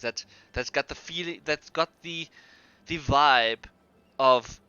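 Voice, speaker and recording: A man runs a tabletop game on a live stream, narrating in a rambling, hesitant way. His voice is very bright and crisp. The audio is dry and slightly dull, with a lo-fi sound. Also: on the high side, no room sound. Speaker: game master.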